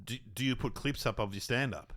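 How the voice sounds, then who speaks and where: A man's voice: mid-range voice, fairly quick, fairly bright tone. A man in his fifties with an Australian accent, a comedian chatting casually as a podcast guest, rambling and telling anecdotes. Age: 50s. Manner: rambling, anecdotal, many fillers and restarts. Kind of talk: casual chat.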